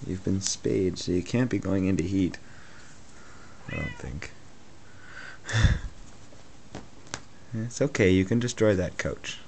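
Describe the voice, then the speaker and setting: A man's voice: sits low, slow, gravelly, pauses often, darkish tone, a little hiss or hum. A man at home filming his pet cat, talking to her in a coaxing, chuckling way. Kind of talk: casual home video talk to a pet. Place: home room. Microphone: handheld camera mic.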